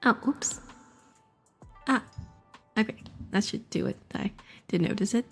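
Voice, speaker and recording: A young woman streamer with a voice roughened by a cold, chatting casually. She giggles often, fills her talk with "like," and sometimes drops into a whisper. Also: a little high, a little slow, faint music behind. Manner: giggly, soft and filler-heavy, drifting into whispers. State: sick, slightly rough voice.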